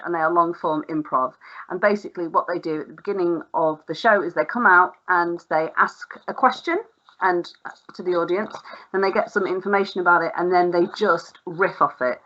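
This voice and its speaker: A woman's voice: on the low side, pushed and bright, dull audio. A woman co-hosting a podcast in casual, rambling chat, swearing freely and laughing often. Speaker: podcast co-host.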